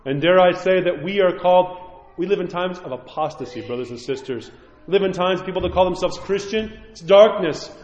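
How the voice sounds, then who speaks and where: Impassioned high-voiced priest in echoey hall. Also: male voice, lo-fi sound. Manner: impassioned, pleading, acts out quoted voices. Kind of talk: sermon.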